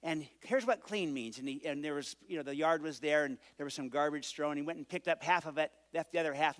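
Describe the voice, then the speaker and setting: Guy on stage telling a story, voice a bit high, acts out the dialogue. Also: fast talker, hardly any pauses. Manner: animated storyteller acting out dialogue. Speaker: speaker. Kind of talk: storytelling speech.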